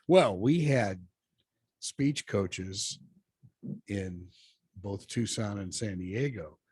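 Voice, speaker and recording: A man's voice: fairly low pitch, very slow, slightly rough, dry recording, studio quality. A man hosting a call-in radio show who chuckles often and breaks in with short, friendly comments. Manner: chuckling, warm interjections. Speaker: radio host. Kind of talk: casual radio talk.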